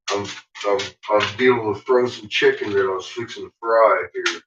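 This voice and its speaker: A man vlogging while he cooks in his home kitchen, talking in a hushed mutter and swearing under his breath. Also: lowish voice, normal speed, over music. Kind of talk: casual cooking vlog. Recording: roomy, distant, dull lo-fi audio with noise. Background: dogs and kitchen clicks.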